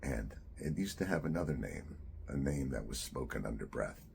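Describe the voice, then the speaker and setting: A man in his sixties recounting a childhood memory from his memoir, reflective and halting, correcting himself as he goes. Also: extremely low pitch, animated, gravelly, darkish tone, a little hiss or hum. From United States. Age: 60s. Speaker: author and storyteller.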